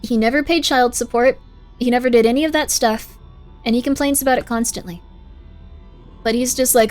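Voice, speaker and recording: A woman's voice: a little high, steady tone, brisk, pauses often, soft background music. A young woman streaming a game, chatting casually and sympathetically with her chat. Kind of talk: casual gameplay commentary, reading chat.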